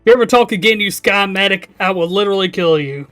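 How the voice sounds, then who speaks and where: Guy putting on a loud mean helicopter drill sergeant, high-ish voice, dry close sound, game bit. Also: normal speed, dry recording, faint music behind. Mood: angry barking. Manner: barking, contemptuous, self-important. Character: gruff male combat helicopter drill instructor.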